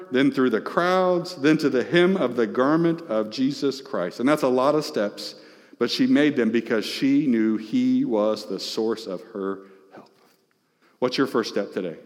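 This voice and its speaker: Man, pastor, impassioned sermon, mid pitch, reverberant church hall. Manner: impassioned, rising and falling, calls out to the congregation. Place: church sanctuary.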